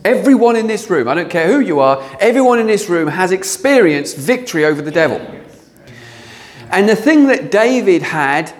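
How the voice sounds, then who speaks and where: A man's voice: high voice, big pitch swings, normal speed. A man preaching a sermon to a congregation in a conversational way, joking and asking the room questions.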